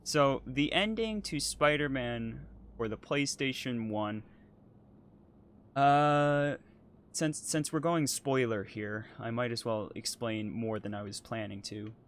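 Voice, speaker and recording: A man's voice: medium pitch, slow pace, a little hiss or hum. A man co-hosting a casual chat while playing a game, hesitant and apologetic, with lots of ums. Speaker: podcast co-host playing a driving game.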